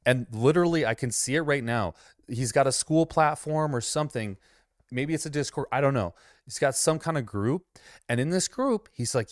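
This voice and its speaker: A man's voice: mid-range voice, lively intonation, moderate pace, no room sound, clean studio sound. A man hosting a casual reaction commentary, mocking and rambling with plenty of swearing. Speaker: commentary host.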